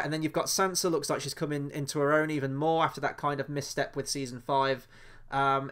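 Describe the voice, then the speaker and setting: A man's voice: fairly high pitch, a bit bright. A young man giving a chatty, opinionated review of a trailer, full of rambling asides. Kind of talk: casual review commentary.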